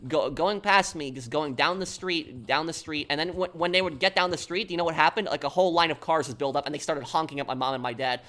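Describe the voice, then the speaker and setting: A man's voice: fairly high pitch, fast talker, few pauses, fairly bright tone. A man from New York telling a long story on a stream, rambling and restarting his sentences. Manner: rambling, repeats himself, restarts often.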